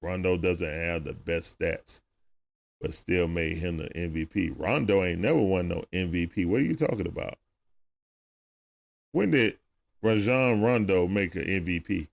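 Low gravelly guy with aave speech, chatting through a basketball game on stream, talks back to the players. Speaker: livestream game commentator. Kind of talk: casual play-by-play commentary.

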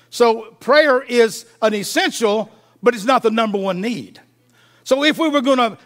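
A man pastor preaching a sermon, asking the congregation questions and dropping to a soft low voice for emphasis. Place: church.

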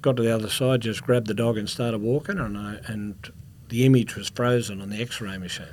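A man's voice: fairly low pitch, fairly even intonation, a little fast, darkish tone, slight background noise. A middle-aged Australian man, a former police officer and security contractor, telling rambling anecdotes as a podcast guest and coughing now and then. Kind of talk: casual storytelling interview.

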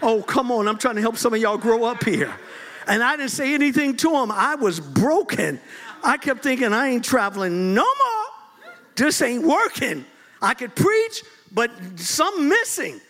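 High-voiced, animated preacher. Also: male voice, normal speed. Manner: animated, swings from low asides to high shouts, laughs often. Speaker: bishop, preacher. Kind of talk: lively storytelling sermon. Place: church service before a congregation.

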